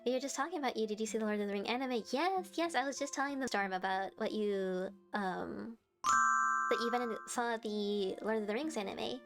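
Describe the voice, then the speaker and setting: A woman's voice: on the high side, a little fast, music in the background. A young woman streaming live, chatting casually and giggling as she answers her chat.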